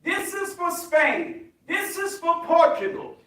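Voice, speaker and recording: A high-voiced American man preaches slowly and deliberately, calling out to his congregation and building to shouts. He sounds far from the mic in a very echoey hall. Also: sing-song. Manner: emphatic, preaching, rising to shouts. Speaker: minister. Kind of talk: sermon with call and response.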